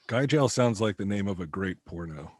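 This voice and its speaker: Low, raspy, sardonic man. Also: expressive, moderate pace, a little mellow, no room sound. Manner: dry, sardonic. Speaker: podcast guest. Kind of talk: casual chat. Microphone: video call.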